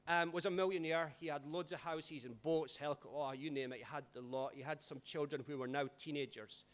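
Animated pastor, higher voice. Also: male voice. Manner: animated, dramatic swings in loudness. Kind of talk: sermon storytelling.

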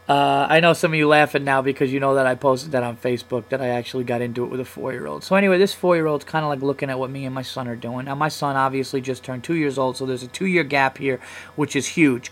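In a rough recording, a man in his thirties with a medium-pitched voice hosts a comedy podcast. He tells a long story in a casual, profane, heated way, animatedly retelling it.

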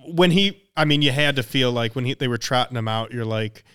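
A man's voice: medium pitch, brisk, a bit bright, clear, resonant tone. A man co-hosting a casual sports podcast, making emphatic, opinionated points and swearing for emphasis. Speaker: podcast co-host.

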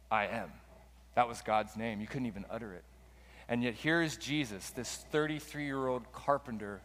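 A man preaching a sermon in a casual, conversational storytelling manner. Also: medium pitch. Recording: long reverb of a large hall.

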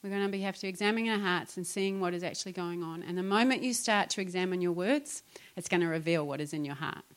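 Middle-aged woman, pastor, conversational sermon, animated. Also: fairly low pitch, fast talker. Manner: conversational, animated, acts out her own complaints.

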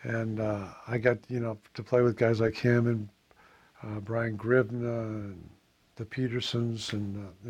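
Older male jazz musician, from Iowa, medium voice, anecdotal and animated, does little voices for the people he quotes. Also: mid-range voice. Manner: animated storyteller, acts out quoted voices, laughs often. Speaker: jazz saxophonist guest. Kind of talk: casual anecdotal storytelling.

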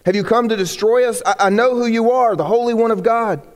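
A man's voice: extremely high pitch, fairly quick, in a large hall, voice pushed up. A man voicing a hostile male demon in a strained, somewhat nasal put-on voice, in a sermon. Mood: defiant. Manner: strained, a bit nasal and cold-sounding.

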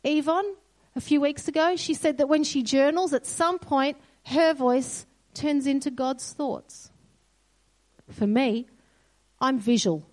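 A woman giving a sermon in a church hall, earnest and storytelling. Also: sits high. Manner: earnest, storytelling, quotes God softly. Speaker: church speaker.

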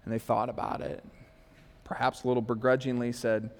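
A man's voice: medium pitch, very animated, normal speed. A young adult man preaching a casual sermon, chatty and joking, with many fillers. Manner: conversational, joking asides, frequent fillers. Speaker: pastor. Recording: long reverb of a church hall.

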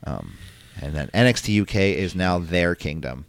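A man with a low, creaky, animated voice hosts a casual wrestling podcast at a moderate pace. He rambles through a recap full of ums and likes, and the recording is dry.

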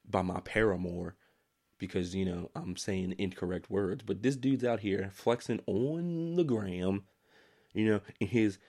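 A man from Maryland co-hosting a casual podcast, joking and teasing, often breaking into laughter. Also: gravelly. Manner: animated, jokey, breaks into laughs, lively pitch. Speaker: podcast co-host.

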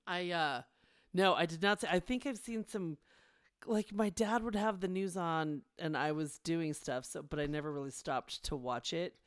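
Woman, smooth clear voice, dry close sound, blunt casual chat. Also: fairly low pitch, moderate pace, no echo. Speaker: podcast co-host.

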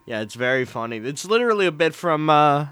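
A man's voice: a little high, very animated, a little fast, fairly bright tone, smooth, dry recording. A man co-hosting a casual comedy podcast, trading dry, sarcastic quips. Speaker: podcast co-host.

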